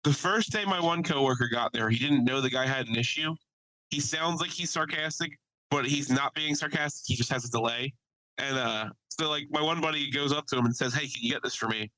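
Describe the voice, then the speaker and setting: Guy on a podcast telling a wild story, bright punchy voice, cusses a lot, acts out what people said. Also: mid-range voice, brisk, no echo, rough recording. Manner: animated anecdote-telling, swears freely, quotes others. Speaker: podcast co-host. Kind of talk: casual storytelling chat.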